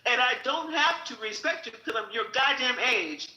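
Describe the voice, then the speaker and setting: A middle-aged woman speaks with a very bright, sharp voice in a roomy, echoing space. She sounds angry and emotional and swears freely on a group audio chat. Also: high-pitched, animated, moderate pace. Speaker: call participant.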